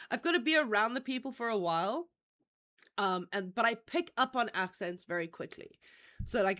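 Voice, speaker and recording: A woman's voice: mid-range voice, pushed and bright. A woman hosting a casual livestream, nasal and congested from a cold, giggly and blunt with swearing. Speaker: livestream host.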